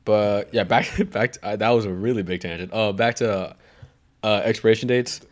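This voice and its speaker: Here a young podcast co-host with a lowish voice talks at a moderate pace, casually telling a rambling story peppered with swearing and drifting tangents.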